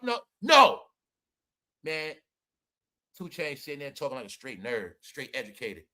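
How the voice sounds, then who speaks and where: Emphatic ranting man, bright voice. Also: high voice, expressive, moderate pace. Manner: emphatic, preachy, addresses viewers as y'all, swings loud and soft. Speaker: commentary streamer. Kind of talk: casual ranting commentary.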